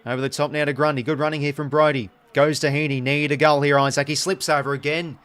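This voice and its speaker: A man's voice: a little high, quick pace, clear, resonant tone. Australian male host, live fan commentary, swings between hyped and frustrated. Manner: excitable fan commentary, groans and cheers. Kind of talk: live football watch-along commentary.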